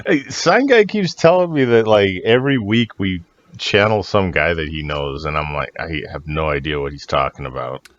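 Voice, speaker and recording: A man's voice: deep voice, expressive, moderate pace, lo-fi sound. A man co-hosting a podcast in casual chat, laid-back and joking with plenty of swearing. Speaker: podcast co-host.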